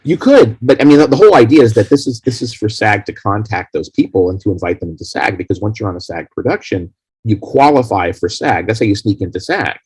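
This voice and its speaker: Husky low-voiced man telling rambling stories. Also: fast, dry recording. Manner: rambling, animated storytelling. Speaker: fan film creator, interview guest. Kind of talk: casual anecdotal storytelling.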